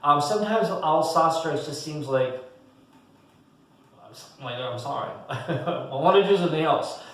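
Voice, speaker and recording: A man giving a relaxed, casual fiddle lesson, hesitant with many ums and restarts, counting beats aloud as he explains. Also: a little high, measured pace, recorded from a distance. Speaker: fiddle teacher. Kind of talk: casual one-on-one music lesson. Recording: very echoey room, a bit off mic. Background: fiddle playing between talk.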